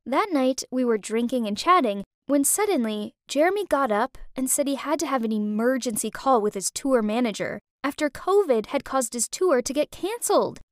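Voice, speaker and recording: High-voiced young woman telling a story. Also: moderate pace, hardly any pauses, dry recording, studio quality. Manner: lively, emotive telling. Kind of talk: first-person story narration.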